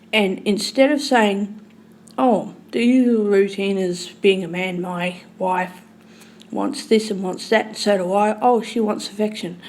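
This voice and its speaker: A woman telling a long, rambling story in casual speech, swearing freely and swinging between loud and hushed. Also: mid-range voice, a little hiss or hum.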